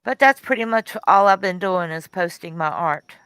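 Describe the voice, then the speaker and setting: A woman's voice: lowish voice, animated, normal speed, fairly bright tone, clean tone, dry recording. A woman chatting on a video call, teasing and laughing often as she shows her digital art. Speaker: digital artist sharing her work. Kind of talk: casual chat on a call.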